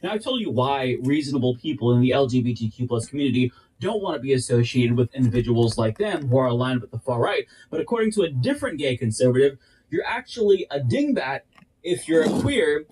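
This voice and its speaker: A man's voice: medium pitch, big pitch swings, quick pace, darkish tone, slight background noise, low-quality recording. Dry, sarcastic male political commentator.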